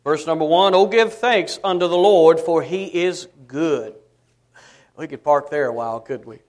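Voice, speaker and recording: A man's voice: fairly high pitch, moderate pace, a little mellow. A man preaching a sermon as pastor, calling out to the congregation and breaking into song.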